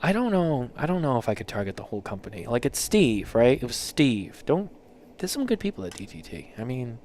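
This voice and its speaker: A man at a middle pitch hosts a casual chat, reading listener submissions aloud. He reacts in a loose, joking way and swears freely. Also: sing-song, a little fast, darkish tone, a little hiss or hum. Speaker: podcast host.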